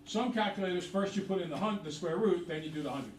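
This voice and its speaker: A man's voice: high-pitched, fast, slight background noise. A middle-aged man teaching a math class, chatty and jokey, quizzing the students. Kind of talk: classroom lesson. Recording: roomy, from far off.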